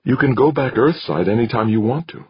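A man voicing a bright, gentle young woman speaking to her father in a lifted voice. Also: mid-range voice, expressive, brisk, husky, dry recording, highs cut off, voice pushed up.

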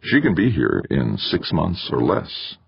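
A slick, manipulative male administrator in an audiobook, as a man puts him on over his own low register. He coaxes and lectures, and his husky voice has some gravel in it. The recording is dry and a little dull. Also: sing-song, normal speed, no echo, exaggerated voice. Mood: lecturing. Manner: coaxing, persuasive.

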